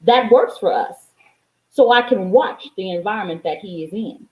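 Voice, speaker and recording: An adult woman life coach, mother of a young child, delivers a motivational vlog monologue straight to her viewers, emphatic and preachy, repeating lines for stress and swearing freely. Her medium-pitched voice is expressive and darkish at a normal speed, in a roomy, rough recording.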